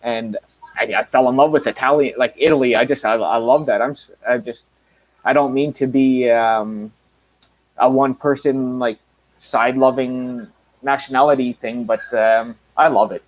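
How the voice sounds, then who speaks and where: A man's voice: mid-range voice, low-quality recording. A Canadian man with a mild Canadian accent talking casually to his viewers, rambling with lots of ums, restarts and blunt remarks. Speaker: reviewer.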